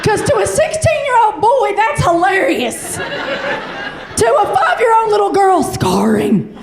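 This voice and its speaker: Kentucky woman in her forties, chatty stand-up storyteller, high voice. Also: slow pace, crowd noise, noisy background. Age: 40s. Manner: chatty, animated, addresses the audience directly. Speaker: comedian.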